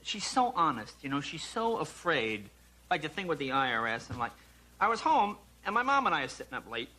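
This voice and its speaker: A man's voice: on the high side, brisk. A man in his thirties, a comedian guest on a talk show, telling comic stories and putting on mocking voices. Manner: animated, jumps into mocking voices of family and strangers. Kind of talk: stand-up storytelling on a talk show. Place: television studio with audience. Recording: noisy 1980s broadcast recording.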